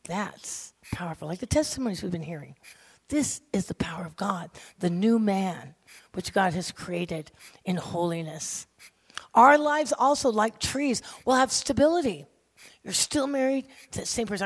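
A woman with a medium-pitched voice preaches a sermon, telling stories animatedly and acting out the people in them. Her delivery swings between loud excitement and quiet intensity.

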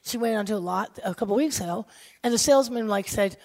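A woman preaching a sermon, telling stories animatedly and acting out the people in them, swinging between loud excitement and quiet intensity. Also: mid-range voice, fast. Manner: acts out quoted people in her stories.

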